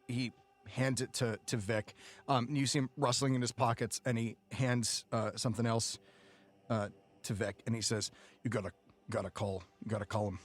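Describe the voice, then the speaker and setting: A man narrating as game master of a tabletop game, relaxed and full of fillers. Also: mid-range voice. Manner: relaxed, hesitant with many fillers.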